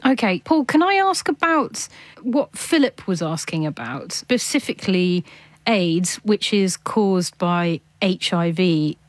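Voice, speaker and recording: A woman's voice: on the low side, expressive, no room sound. Woman radio host linking segments. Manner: brisk, conversational linking. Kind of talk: radio presenting.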